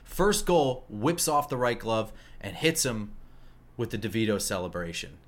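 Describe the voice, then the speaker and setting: A man's voice: on the low side, very animated, unhurried. Wry New Jersey sports podcast man. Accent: light New Jersey. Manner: wry, joking. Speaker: podcast co-host. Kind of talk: casual sports chat.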